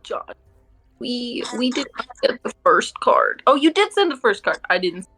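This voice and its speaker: Lively-pitched woman teasing at the table. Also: normal speed, breathy edge, soft background music, rough recording. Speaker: player. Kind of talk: casual tabletop game chat.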